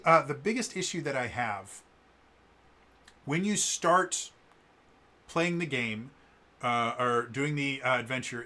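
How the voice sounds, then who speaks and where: A man's voice: medium pitch, sharp tone. A man reviewing a tabletop game book in casual talk, stammering and restarting often. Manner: stammering, frequent restarts and fillers.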